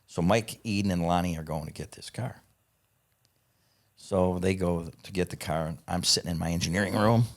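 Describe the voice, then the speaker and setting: Deep male guest, animated salty storyteller. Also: moderate pace. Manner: excitable, profane, animated storyteller. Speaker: podcast guest. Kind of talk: casual storytelling chat.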